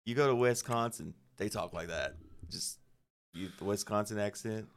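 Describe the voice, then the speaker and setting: A man's voice: on the low side, normal speed. A middle-aged man, a guest musician, rambling through stories in casual podcast chat and swearing freely.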